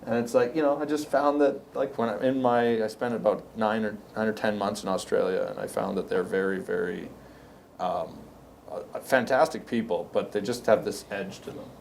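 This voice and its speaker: A man's voice: lowish voice, fairly even intonation, moderate pace, creaky, darkish tone, a little hiss or hum. A middle-aged man from Canada, a podcast guest, telling work stories in a rambling, casual way with many restarts. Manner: rambling, anecdotal, frequent restarts. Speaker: podcast guest, construction company owner. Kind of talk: casual storytelling.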